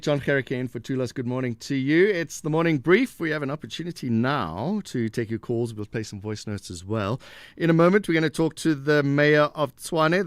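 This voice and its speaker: A man hosting a morning call-in radio show, presenting in a brisk, upbeat way. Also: mid-range voice, dry recording. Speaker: radio host. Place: radio studio. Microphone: studio microphone.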